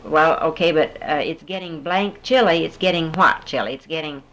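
A woman's voice: low-pitched, normal speed, fairly bright tone, low-quality recording. A woman interviewer patiently prompting a speaker with fill-in-the-blank questions. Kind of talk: dialect survey interview.

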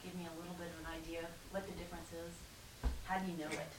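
A woman interviewer asks curious, probing follow-up questions in a casual tone. Her fairly low voice comes from off-mic in an echoey room. Clear room noise sits under her speech. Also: little pitch movement, quick pace, far from the mic.

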